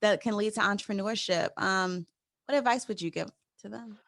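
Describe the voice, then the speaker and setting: A woman's voice: mid-range voice, moderate pace, vocal fry, fairly bright tone, no room sound, clean studio sound. A woman hosting an interview, playful and encouraging in a casual chat. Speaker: interview host.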